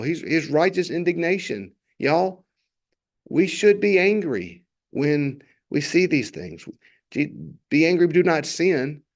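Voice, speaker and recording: Man, pastor, gravelly voice, earnest preaching, repeats himself for emphasis. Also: on the high side, darkish tone. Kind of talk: devotional sermon reflection.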